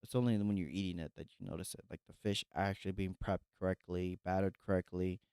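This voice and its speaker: Male co-host, low smooth voice, halting filler-heavy chat. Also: little pitch movement, darkish tone, no room sound, clean studio sound. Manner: hesitant, full of fillers and restarts. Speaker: podcast co-host. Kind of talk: casual chat.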